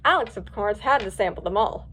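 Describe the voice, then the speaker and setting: A woman reading a storybook aloud in a lively, expressive way. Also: medium pitch, brisk, a little hiss or hum. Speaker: story reader.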